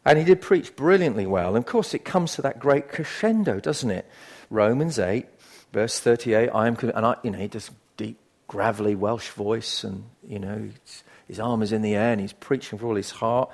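An older man preaching a sermon in a conversational, emphatic way, swinging from quiet asides to loud bursts. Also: lowish voice, moderate pace.

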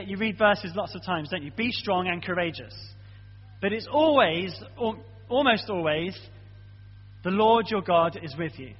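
A man preaches with a high voice and an earnest, conversational delivery, often checking in with his listeners. The sound is muffled, and a long reverb hangs behind him as if in a large hall. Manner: earnest, conversational, frequent "okay?" check-ins. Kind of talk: sermon.

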